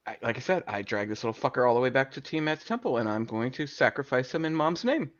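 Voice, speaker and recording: A man's voice: medium pitch, very animated, fast talker, muffled recording. A man playing his character in a tabletop game, talking bluntly and cheerfully about violence. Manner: blunt, gleefully violent, swears. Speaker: player.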